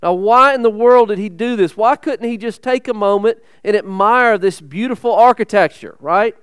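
Male pastor, sermon, high voice, smooth and clear, dry sound, earnest, shifts between loud emphasis and quiet intensity. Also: normal speed, no room sound. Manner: repeats words and restarts mid-sentence.

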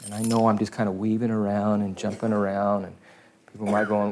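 A man with a somewhat low voice preaches a casual sermon to his church. He talks conversationally and rambles, dropping self-deprecating asides along the way. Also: level tone, a little fast, a little mellow, a little hiss or hum. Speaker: pastor.

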